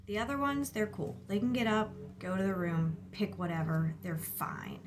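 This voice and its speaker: Outdoors near a lawnmower, with a noisy background, a woman in her thirties vents about her kids in a lowish voice at normal speed. Her monologue is rambling, casual, exasperated and filler-heavy.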